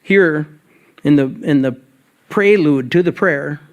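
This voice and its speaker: Guy sharing his story at a meeting, kinda high voice, plays out the back-and-forth. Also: slow, highs cut off. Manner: conversational, acts out both sides of remembered dialogue. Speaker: guest speaker at a recovery meeting. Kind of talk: storytelling talk.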